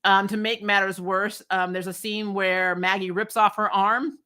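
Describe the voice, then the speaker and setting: A woman with a medium-pitched, level, bright and pushed voice reviews a TV episode at normal speed, spoilers included. As a review vlogger she's frank and chatty, laughing often and swearing freely.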